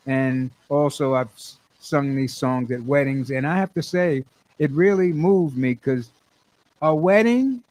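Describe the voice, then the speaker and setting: A man's voice: fairly high pitch, a little mellow, low-quality recording. A man, a singer-songwriter, telling a rambling story in a casual monologue, often restarting and acting out what he said. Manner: rambling, repeats himself and restarts, acts out his own quoted words.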